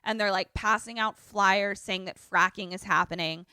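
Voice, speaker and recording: A woman co-hosting a podcast, recapping a film with lively, loose storytelling and acted-out quotes. She swears freely and speaks at a medium pitch. The sound is dry and close. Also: moderate pace, clean tone, no echo. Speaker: podcast co-host. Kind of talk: casual movie recap chat.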